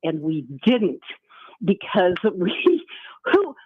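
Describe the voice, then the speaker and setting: An older woman calling in to a sports radio show, venting in an exasperated, animated way. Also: fairly low pitch, drawn-out words, breathy edge, no echo. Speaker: caller. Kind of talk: call-in radio. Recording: tinny phone line.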